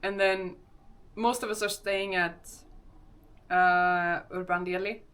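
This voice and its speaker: Slow-talking Swedish-accented woman streamer. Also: fairly low pitch, fairly even intonation, fairly bright tone. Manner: chatty, greets chat viewers, laughs often. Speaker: live streamer. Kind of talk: casual live-stream chat.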